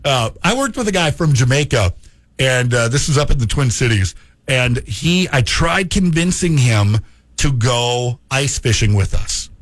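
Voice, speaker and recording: A man hosting a casual morning radio show, jokey and quick to laugh. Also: medium pitch, expressive, dry recording. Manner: jokey, laughs often, playful. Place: radio studio.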